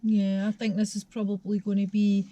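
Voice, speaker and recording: A woman's voice: mid-range voice, monotone, moderate pace, dark tone, no echo, dull audio. A woman chatting casually outdoors on a vlog beside her partner, dry and matter-of-fact. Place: outdoors in a small town street.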